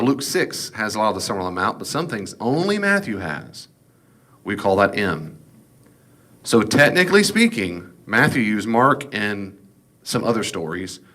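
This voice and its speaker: A man's voice: fairly low pitch, bright, forceful tone. A man giving a casual, folksy Bible class lecture, with jokes and asides. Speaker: Bible teacher.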